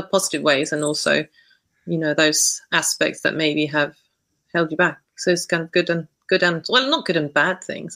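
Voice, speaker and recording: Low, gravelly-voiced woman guest; crisp bright tone; hesitant, reflective talker. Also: poor audio. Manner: hesitant, thinks aloud with many restarts. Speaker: podcast guest. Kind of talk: reflective conversational interview.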